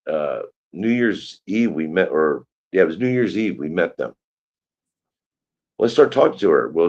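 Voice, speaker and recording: A man in casual conversation, telling a relaxed story with easy enthusiasm. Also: deep voice, highs cut off. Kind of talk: casual chat.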